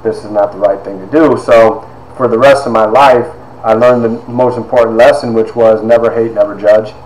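A man's voice: lowish voice, normal speed. Man telling his life story in an echoey room. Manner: animated storyteller, acts out quoted voices. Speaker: speaker giving a testimony. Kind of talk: personal storytelling talk. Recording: echoey room with faint noise.

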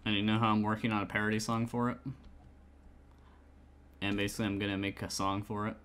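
A man talks casually to his viewers while playing a game, rambling and full of fillers. His voice sits a little low. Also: little pitch movement, quick pace, fairly bright tone, slight background noise. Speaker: gamer streaming a survival server. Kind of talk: casual gameplay chatter.

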